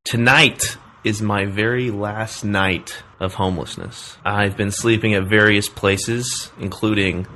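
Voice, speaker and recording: A man in casual chat who speaks slowly and flatly. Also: on the low side, a little hiss or hum.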